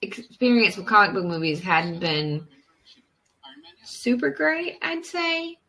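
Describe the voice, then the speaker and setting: A woman's voice: medium pitch, very animated, takes it slowly, sharp tone, rough recording. A woman co-hosting a podcast, chatting casually with many fillers as she thinks aloud. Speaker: podcast co-host. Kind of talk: casual chat during a movie watch-along.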